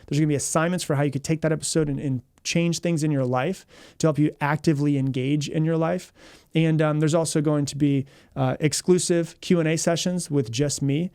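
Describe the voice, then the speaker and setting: A male podcast host and mindset coach tells stories at a rapid clip, restarting and repeating phrases as he goes. His voice sits a bit high for a man, and he acts out the lines of the people in his stories. The sound is dry and close, with no room echo. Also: clear, resonant tone. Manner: fast, energetic, repeats himself, acts out quotes. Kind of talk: storytelling podcast monologue.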